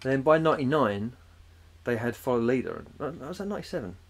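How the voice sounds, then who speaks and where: A man's voice: medium pitch, expressive, quick pace. A man, co-hosting a podcast in casual chat, rambling and swearing as he jumps into put-on voices. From England. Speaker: podcast co-host.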